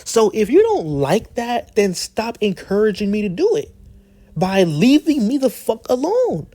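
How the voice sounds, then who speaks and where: A man's voice: high voice, wildly swooping pitch, unhurried, mellow, dry recording. A man ranting as a YouTuber in a heated, profane way, often restarting his sentences. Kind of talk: ranting commentary.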